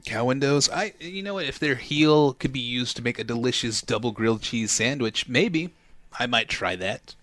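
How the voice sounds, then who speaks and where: Wry bright-voiced male co-host. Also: mid-range voice, moderate pace, no room sound. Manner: wry, deadpan banter. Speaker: podcast co-host. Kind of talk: casual comedic chat.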